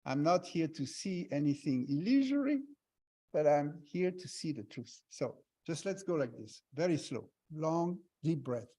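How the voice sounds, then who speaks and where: Slow, high-voiced man guiding meditation. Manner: slow, calm step-by-step instructions with long pauses. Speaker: meditation teacher. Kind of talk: guided breathing meditation.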